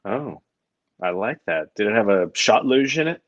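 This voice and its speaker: A man's voice: fairly low pitch, sing-song, moderate pace, no echo, lo-fi sound. A man, a former Navy pilot, chatting as a guest on a podcast in an easygoing way. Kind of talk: casual interview chat.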